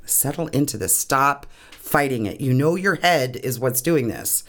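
A woman recounts a deeply personal experience in an interview, speaking earnestly. Her voice wavers with emotion, close to tears, and laughter often breaks through. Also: animated, measured pace. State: tearing up. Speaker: guest.

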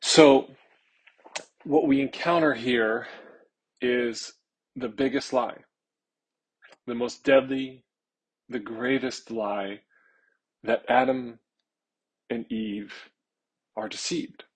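A man preaching a sermon in an earnest way, stretching key words out slowly for emphasis. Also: mid-range voice, fairly even intonation, husky, low-quality recording. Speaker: pastor.

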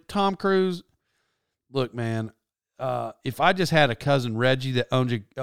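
A man's voice: mid-range voice, clean tone, no room sound, clean studio sound. A man on a rambling comic rant, sarcastic and often cutting himself off to restart. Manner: sarcastic, self-interrupting, stumbling restarts. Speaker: comedic commentator.

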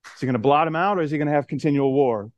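A man preaching a sermon, earnest, slowing and dropping soft on key words, then rising as he builds. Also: dry recording. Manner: earnest, rises in pitch and intensity as he builds. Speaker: pastor.

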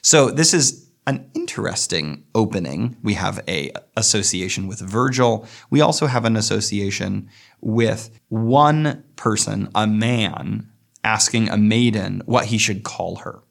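A man's voice: fairly low pitch, lively intonation, vocal fry. A man giving a thoughtful lecture on a poem, reading lines of verse aloud and picking them apart. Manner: thoughtful, reflective, reads verse aloud slowly. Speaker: literature lecturer. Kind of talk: poetry lecture with read-aloud quotes.

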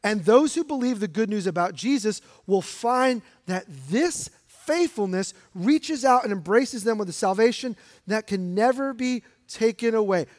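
Unhurried yet expressive, a pastor with a voice that sits high delivers a direct, emphatic sermon and poses questions to his listeners. Long reverb from the hall surrounds him.

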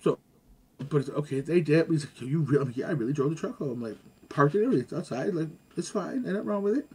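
Animated slangy man telling stories. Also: a little high, fast, husky. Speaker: guest. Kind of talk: casual storytelling chat.

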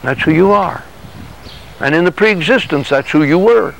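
Man, preacher, sermon, earnest, acts out dialogues, high-pitched voice. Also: animated, normal speed, creaky, fairly bright tone, a little hiss or hum, poor audio. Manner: earnest, acts out dialogue with God and his body.

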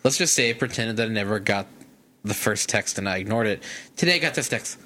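A man hosting a podcast who reads a listener's email aloud in an animated way and laughs between lines. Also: on the low side, fast talker. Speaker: podcast host.

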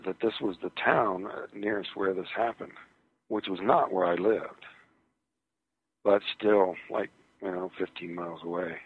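A man recounting a personal ordeal as an interview guest, in a halting, hesitant way, heard over a tinny phone line on radio. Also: deep voice, slightly rough.

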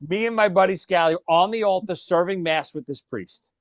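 Animated storytelling man, dry close sound. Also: sits high, normal speed, no echo. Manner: animated storyteller, laughs, acts out quoted lines. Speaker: podcast host. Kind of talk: casual chat, storytelling.

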